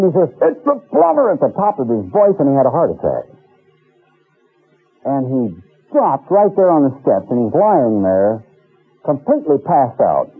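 A male radio evangelist preaching in a lively, storytelling manner, his pitch swinging widely as he spins homely anecdotes. His voice is a little husky, and the recording sounds thin and phone-like, as old radio often does. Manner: folksy, animated storytelling with acted voices.

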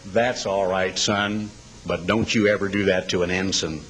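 Man putting on a low gruff old admiral, calm, measured reproof. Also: poor audio.

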